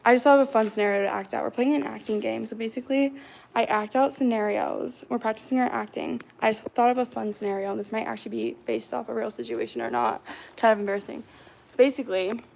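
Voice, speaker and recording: A young woman streaming live, chatting to her viewers in a loose, rambling way with lots of "like" and "um". Her voice sits a little high, with a gravelly fry running through it. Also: quick pace, darkish tone. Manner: rambling, filler-heavy, talks to chat. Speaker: livestreamer. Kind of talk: casual livestream chat.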